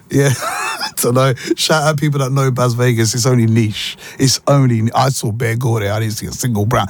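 A man hosting a breakfast radio show, joking and chatting in a casual, animated way. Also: medium pitch. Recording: music bed behind the voice.

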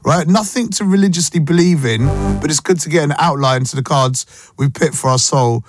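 A man's voice: on the high side, fairly quick. Chatty radio host, man. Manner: chatty, storytelling, slangy. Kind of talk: casual radio chat. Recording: music bed behind voice.

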